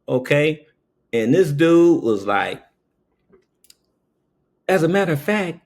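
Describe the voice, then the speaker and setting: A man telling a story in a casual monologue. He checks in with "okay?" after nearly every phrase and jumps up in pitch when he acts out quoted voices. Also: a little mellow. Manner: slow, keeps saying "okay?" between phrases.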